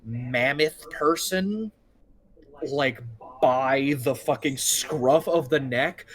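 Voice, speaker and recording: A man narrating a tabletop game as game master, relaxed and rambling with fillers. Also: mid-range voice, extremely slow.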